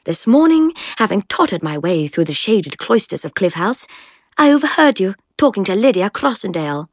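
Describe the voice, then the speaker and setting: Woman putting on an airy teasing schoolgirl, high and swooping, mock-dramatic drawl, dry close sound. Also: big pitch swings, normal speed, no room sound. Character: breezy eccentric schoolgirl with monocle, teasing. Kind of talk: audiobook reading.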